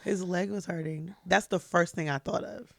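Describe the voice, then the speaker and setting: A woman's voice: fairly low pitch, steady tone, moderate pace, creaky, no room sound, studio quality. A woman hosting a podcast, talking bluntly in casual chat with a guest. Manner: blunt, reacts with frequent affirmations. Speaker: podcast host.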